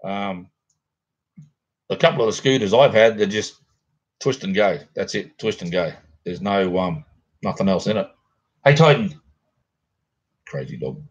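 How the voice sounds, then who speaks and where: Australian man, middle-aged, low husky voice, rambling livestream chat, dull lo-fi sound. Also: moderate pace, pauses often. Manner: rambling, laid-back, chatty with viewers. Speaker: livestream host. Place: home, near a garage.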